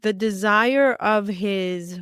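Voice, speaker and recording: A woman's voice: medium pitch, slow pace, a bit bright, smooth, dry recording, clean studio sound. A woman hosting a podcast, explaining ideas conversationally and acting out quoted prayers. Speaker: podcast host. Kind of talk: conversational interview.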